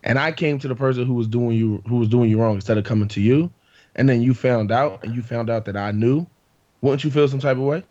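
A man's voice: medium pitch, fast talker, warm tone, lo-fi sound. A man co-hosting a podcast in casual chat, quizzing the others with hypotheticals. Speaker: podcast co-host.

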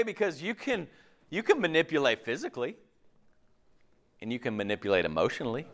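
Lively, high-pitched preacher man. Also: a little fast. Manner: animated, jokey, laughs often, asks the audience questions. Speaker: pastor. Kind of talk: casual sermon.

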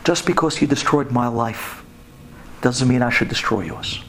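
A man voicing a bitter, deeply wounded grown man. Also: normal speed, fairly bright tone, a little hiss or hum, close to an everyday voice. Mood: bitter, resolute.

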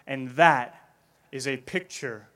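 A man's voice: mid-range voice, slow, fairly bright tone. A man giving an earnest festival talk on faith, telling a vivid personal story. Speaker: Christian speaker. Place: festival stage.

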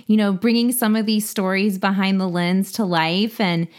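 A woman hosting a casual podcast interview, warmly affirming her guest. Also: mid-range voice, fairly even intonation, moderate pace. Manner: warm, affirming, gushing. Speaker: podcast host.

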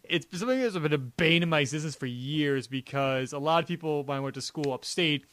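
A man's voice: a little high, a little fast, fairly bright tone, no echo. A young man from New York co-hosting a podcast, talking in a rambling casual way with lots of "like" and restarts. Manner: rambling, many restarts and "like" fillers. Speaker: podcast co-host. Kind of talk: casual chat.

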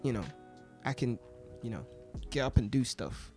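A man chatting casually as a podcast guest, easygoing, often trailing off softly at the ends of his lines. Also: mid-range voice, animated, moderate pace, soft background music.

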